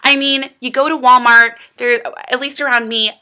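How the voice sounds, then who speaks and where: An American woman chats straight to her camera in a high, lifted voice, rambling earnestly and leaning on plenty of fillers. Her tone is bright and forward. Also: steady tone, normal speed. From United States. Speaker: vlogger. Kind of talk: casual chat to camera.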